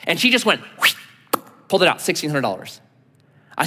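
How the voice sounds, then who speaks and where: A man preaching as pastor, telling stories with animated delivery and acting out the people he quotes. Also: on the high side, fairly quick. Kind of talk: sermon. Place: church sanctuary. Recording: long hall reverb.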